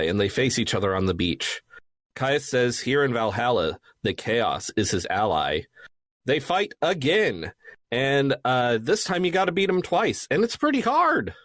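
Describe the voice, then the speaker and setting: A man co-hosting a game podcast, recapping the story in a dry, wry, low-key way. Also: fairly bright tone, dry recording. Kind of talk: casual recap chat.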